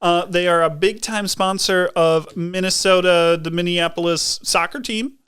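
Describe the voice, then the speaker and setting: A man's voice: high voice, fairly even intonation, moderate pace, a bit bright, smooth. A young man co-hosting a podcast, chatting in an easygoing, informative way with light jokes. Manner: easygoing, informative, slightly jokey. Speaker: podcast co-host. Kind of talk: casual chat.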